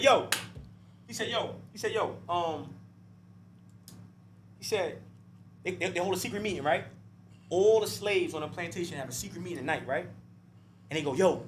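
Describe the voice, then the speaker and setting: Interview guest, male, high-pitched, blunt and profane; preaches his point, tags lines with "right?" and "you see?", and repeats words as he heats up. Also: pushed and bright, a little hiss or hum. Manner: repeats and restarts words when fired up. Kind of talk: heated podcast discussion.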